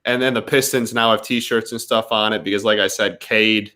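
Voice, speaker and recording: A man's voice: on the low side, steady tone, moderate pace, sharp tone. A man from the Detroit area, co-hosting a casual watch-party chat, rambling with lots of fillers. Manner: rambling, hesitant with many fillers. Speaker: co-host.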